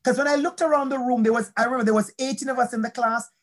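A woman from Jamaica speaks, her voice sitting a little high. She is an educator sharing a personal story at a conference talk. She tells it in an animated way, slowing down and speeding up as she goes. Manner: animated storytelling with shifting pace.

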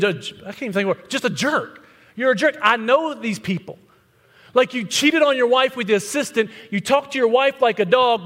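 High-voiced man preaching blunt sermon. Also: a bit bright. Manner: blunt, conversational preaching with rhetorical questions. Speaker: pastor. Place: church sanctuary with congregation. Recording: long hall reverb.

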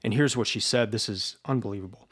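A man giving an informal lecture about a novel, slow and reflective, often repeating his words as he searches for them. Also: lowish voice, a bit bright, slightly rough.

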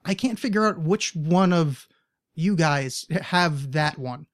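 A man's voice: a little high, lively intonation, unhurried. A man with a slight East Coast American accent hosting a podcast, asking curious, rambling questions in casual chat. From United States. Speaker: podcast host.

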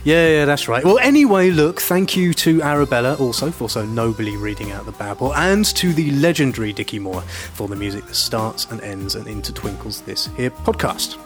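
A man's voice: medium pitch, lively intonation, moderate pace, hardly any pauses, soft background music. A man co-hosting a podcast in casual chat, jokey and laughing often. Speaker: podcast co-host.

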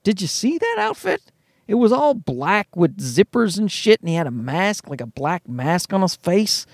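A man's voice: sits high, moderate pace, no echo, studio quality. A man, hosting a solo comedy podcast, ranting and swearing sarcastically. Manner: profane, ranting, sarcastic, animated. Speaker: podcast host. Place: parked car.

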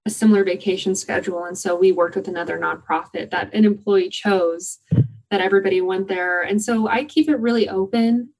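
A woman in a conversational interview speaks with open enthusiasm, warmly recounting volunteer stories. Her pitch sits in a comfortable middle range. She sounds relaxed and upbeat throughout. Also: a little fast, poor audio. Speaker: guest, company volunteer program organizer.

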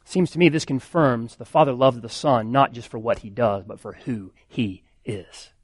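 A man's voice: mid-range voice, moderate pace, breathy edge, dry recording, clean studio sound. A man, a pastor, preaching a sermon earnestly, building emphasis with repeated phrases.

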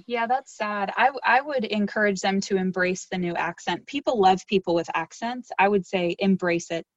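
A woman audiologist explains hearing care in a calm, informative way. Her voice sits at a middle pitch. The recording is close and dry, with a slightly dull, lo-fi tone. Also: moderate pace, no echo. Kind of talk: interview answers.

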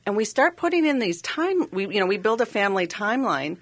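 A woman's voice: medium pitch, a little fast. A woman stage actor in a radio interview, animatedly recounting her research with many restarts. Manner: animated storyteller, restarts, acts out her own thoughts.

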